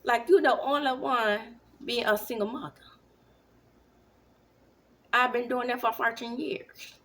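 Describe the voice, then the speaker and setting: A sassy, taunting woman speaks in a put-on Jamaican accent, voiced by a woman. The voice sits higher than her usual talk and pushes out louder. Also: steady tone, unhurried.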